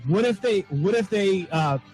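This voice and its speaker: A man's voice: high-pitched, animated, moderate pace, a little mellow, soft background music, rough recording. A man riffing playfully on a podcast, rambling through silly ideas. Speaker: podcast co-host. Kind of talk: casual comedy chat.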